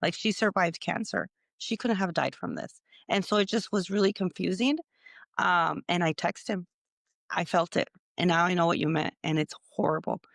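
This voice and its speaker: A woman co-hosts a podcast in casual chat, her voice carrying a gravelly edge. She talks in a halting, emotional way, with a dry, close sound. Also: lowish voice, no echo. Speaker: podcast co-host.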